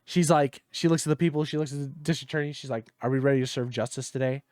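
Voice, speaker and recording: A man co-hosting a gaming podcast, telling a story in casual chat, exasperated and profane, dropping low when he quotes others. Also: steady tone, fast, darkish tone, dry recording, studio quality.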